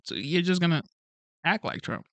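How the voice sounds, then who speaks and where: A man's voice: fairly high pitch, animated, normal speed, a bit bright, dry recording. A man who came to the country as an immigrant, hosting a casual livestream, speaking in an earnest, pleading way and repeating himself. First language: not English. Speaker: channel host reading live chat.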